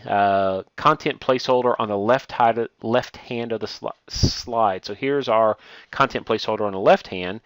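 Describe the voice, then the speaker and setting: A male instructor walking through a software tutorial step by step, plainly explaining with occasional fillers. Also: on the low side, no echo.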